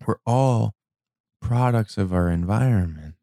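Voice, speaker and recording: Deep slow guy doing a motivational monologue, emphatic, dry close sound. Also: warm tone, no echo. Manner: slow, emphatic, repetitive, with swearing. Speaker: self-help speaker.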